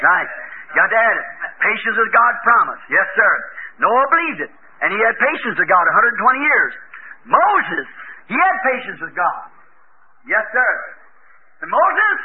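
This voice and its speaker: High-voiced preacher on old tape. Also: male voice, big pitch swings, moderate pace. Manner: folksy storytelling, acting out biblical characters. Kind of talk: sermon. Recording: tinny lo-fi old tape with hiss.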